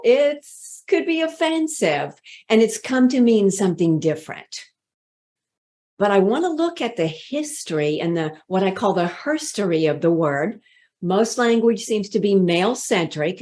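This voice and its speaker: A woman leadership speaking coach giving a motivational workshop talk in a deliberate, inviting way. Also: on the high side, a little mellow. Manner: slow, deliberate, inviting delivery.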